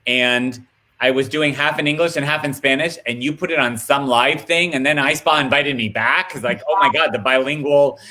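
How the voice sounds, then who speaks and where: A man talking as a guest in a casual video-call chat, animated and rambling in his storytelling. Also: medium pitch, moderate pace.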